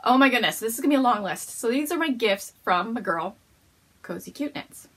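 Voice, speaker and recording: A woman's voice: fairly high pitch, expressive, a little fast, breathy edge. A woman hosting a casual show-and-tell episode at home, gushing and bubbly, often laughing as she talks. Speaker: podcast host.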